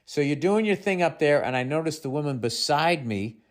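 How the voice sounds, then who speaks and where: A man's voice: on the high side, animated, fairly quick. A man in his fifties, a podcast host with a Boston accent, reading a listener's letter aloud and breaking in with sarcastic, exasperated asides.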